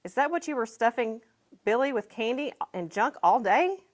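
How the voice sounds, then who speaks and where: A woman's voice: a little high, lively intonation, moderate pace, pitched above the performer's own voice, close to an everyday voice. A woman reading aloud, voicing a stern middle-aged father who lectures his son firmly. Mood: angry. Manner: firm, lecturing.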